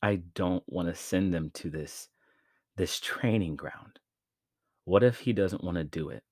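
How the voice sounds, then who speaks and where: A man's voice: sits low, unhurried, darkish tone, no echo, studio quality. A man voicing a distraught young mother who pleads desperately, in an audiobook-style reading. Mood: pleading. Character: panicked distraught mother, young adult woman.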